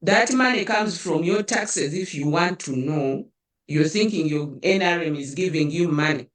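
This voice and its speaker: A woman's voice: low voice, moderate pace, echoey room, recorded from a distance. A woman with a Ugandan accent giving impassioned political commentary, indignant and rhetorical, often adding "eh?" and "hmm?".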